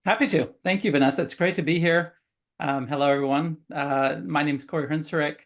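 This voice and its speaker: A man's voice: on the high side, steady tone, a little fast. A man on a panel introducing himself, friendly and filler-laden. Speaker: finance tech lead, panelist.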